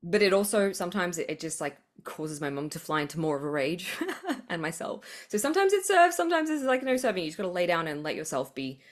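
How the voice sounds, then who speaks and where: A woman's voice: lowish voice, very animated, quick pace. A woman hosting a podcast, giving a rambling spiritual monologue, full of fillers and blunt swearing. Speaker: podcast host.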